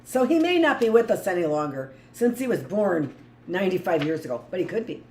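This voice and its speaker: A woman's voice: lowish voice, sing-song, brisk, mellow. A middle-aged woman teacher reading a book aloud to a live class and breaking off into blunt, rambling asides. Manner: rambling, blunt asides between read passages. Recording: echoey room with faint noise.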